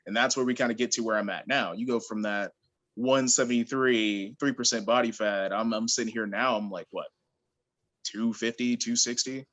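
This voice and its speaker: A young man, a pro wrestler, chatting as an interview guest, telling animated stories and laughing often. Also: mid-range voice, moderate pace. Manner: animated storyteller, laughs often, acts out quotes. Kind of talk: casual interview chat.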